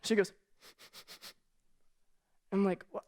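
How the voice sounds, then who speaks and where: A young adult man and youth pastor preaching a humorous youth sermon, telling animated stories and acting out the voices of the people in them. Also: very high-pitched, a little fast, clean tone. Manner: animated storytelling, acts out quoted voices.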